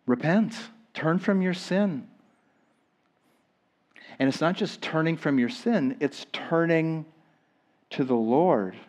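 A pastor preaching to his congregation in an earnest, repetitive way. His voice sits a little high for a man. He pushes key phrases up with force, then drops into quiet, low stretches. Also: takes it slowly, pauses often. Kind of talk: sermon.

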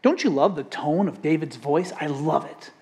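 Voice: mid-range voice, moderate pace, a little mellow, husky. A pastor preaching a sermon with emphasis, asking the congregation rhetorical questions.

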